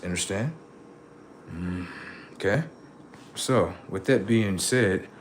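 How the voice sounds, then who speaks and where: A man hosting a live stream and talking to his chat in a rambling, preachy way, full of profanity and street slang, dropping to low mutters and jumping up to high outbursts. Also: slight background noise. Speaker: livestream host.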